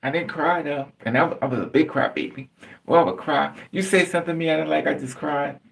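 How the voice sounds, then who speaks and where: A man's voice: a little high, fast talker, creaky, slight background noise. A man hosting a live stream, telling personal stories in a rambling, chuckling way and often restarting his phrases. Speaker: livestream host. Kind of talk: casual storytelling to a live audience. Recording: distant mic.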